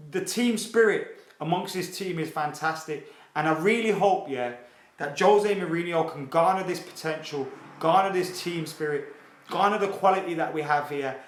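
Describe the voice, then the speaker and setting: A man hosting a casual football fan live stream, excitable and sweary as he reads viewer comments aloud. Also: high voice. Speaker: football fan channel host. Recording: roomy echo.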